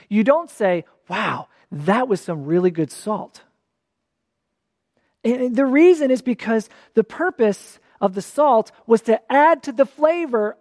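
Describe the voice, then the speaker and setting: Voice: medium pitch, studio quality. Conversational preacher in a reverberant hall. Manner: conversational, with restarts and emphatic repeats. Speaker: pastor. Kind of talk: sermon.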